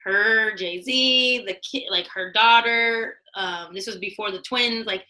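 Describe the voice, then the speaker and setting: A middle-aged woman, a former studio executive, telling lively stories in casual conversation, acting out what people said and laughing often. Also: mid-range voice, takes it slowly, low-quality recording. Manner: animated, acts out quotes, laughs often. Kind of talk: casual storytelling.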